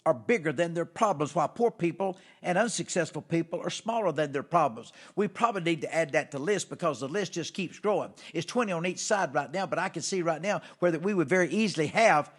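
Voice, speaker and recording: A man preaching success to a live audience in a fired-up, emphatic style, repeating his points and rising to loud exhortations. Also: on the high side. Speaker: motivational speaker hosting a live broadcast. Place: theater or studio.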